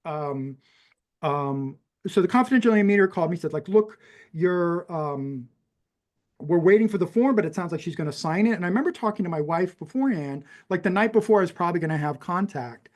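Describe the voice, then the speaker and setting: A man's voice: sits high, lively intonation, fairly quick. Rambling American man telling his story. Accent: general American. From New Mexico, USA. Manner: rambling, many fillers and restarts. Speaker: podcast guest. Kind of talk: conversational storytelling.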